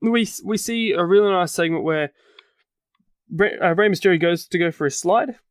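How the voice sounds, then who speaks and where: A man's voice: high-pitched, moderate pace, no room sound, studio quality. A man with an Australian accent co-hosting a podcast, recapping in a casual, rambling way and correcting himself as he goes. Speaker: podcast co-host. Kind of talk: casual wrestling recap chat.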